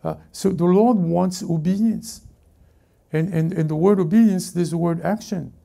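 Gravelly dark-voiced male pastor preaching. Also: high-pitched. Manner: halting, self-correcting preaching with many restarts. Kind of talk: sermon. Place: church service before a congregation.

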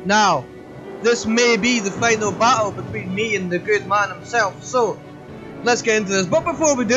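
High-voiced chatty gaming host. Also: male voice, normal speed, lo-fi sound, over music. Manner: chatty, jokey, rambling. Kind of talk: let's play commentary.

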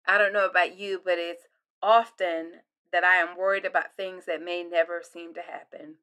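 An older woman pastor giving a devotional sermon, delivered expressively, with her voice swinging from loud emphasis to hushed near-whispers. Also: fairly low pitch, little pitch movement, normal speed.

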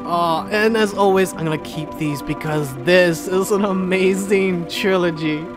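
A woman reacting emotionally to a video game ending, excitable and swearing freely. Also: fairly low pitch, unhurried, music in the background. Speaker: let's play streamer. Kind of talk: gameplay reaction commentary.

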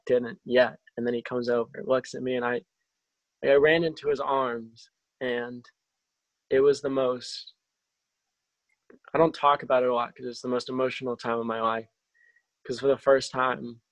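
A young man sharing a personal faith testimony over a video call, halting, with many restarts and fillers. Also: medium pitch, a bit bright, no echo, lo-fi sound. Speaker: testimony speaker.

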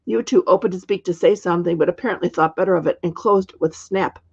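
Gravelly-voiced woman reading a storybook. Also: fairly low pitch, dry recording, lo-fi sound. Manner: steady, measured narration. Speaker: author reading her book.

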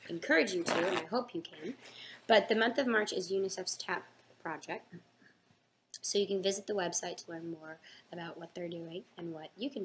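A woman's voice: on the low side, a little hiss or hum. A young woman hosting a casual live fan chat, reading out questions and answering them in an upbeat, chatty way.

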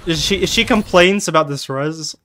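A streamer reacting to a game clip in disbelief, dropping curses and rapid-fire asides. The speech swings between fast rants and trailing mutters. The voice is casual and unpolished. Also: medium pitch, a bit bright, a little hiss or hum. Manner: incredulous, swears often, quick bursts. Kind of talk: reaction commentary.

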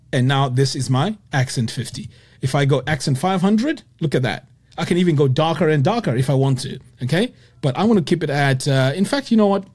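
A man teaching web design as he walks through a screen-share software tutorial, explaining each step and checking in with "okay?" often. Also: mid-range voice, husky.

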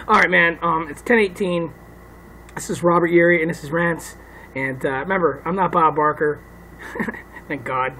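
A man's voice: a little high, moderate pace, long pauses, bright, forceful tone, slight background noise, low-quality recording. A man recording a profane, rambling comedy rant on his phone at home, laughing at his own jokes. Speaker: comedian ranting.

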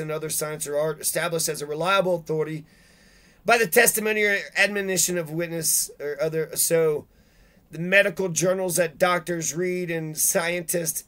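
A man with a high, bright, cutting voice rants on and on, swearing constantly and bursting into loud, heated outbursts. He sounds indignant and fired up the whole way through. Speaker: video blogger reading legal rules. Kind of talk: profane ranting monologue.

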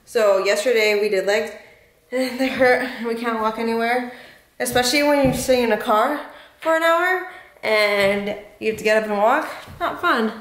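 A chatty young woman vlogging in a casual, storytelling way, with a fairly high voice. She tends to draw out some words and laugh partway through sentences. The sound is echoey, as if recorded in a bare room. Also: normal speed, a bit bright. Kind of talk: casual vlog chat.

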